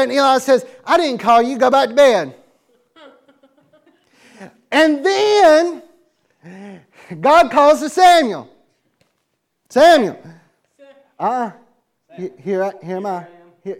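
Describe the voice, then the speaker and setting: A man preaching to young people, acting out a Bible story with audience helpers and laughing along. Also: very high voice. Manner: lively, laughing, calls on audience members. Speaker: youth pastor. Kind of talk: animated sermon with acted-out bible story.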